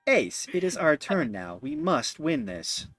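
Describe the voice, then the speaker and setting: A man's voice: on the high side, very animated, measured pace, a bit bright, heavily acted. A man voicing a stiff, formal, competitive male companion in a tabletop game. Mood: proud.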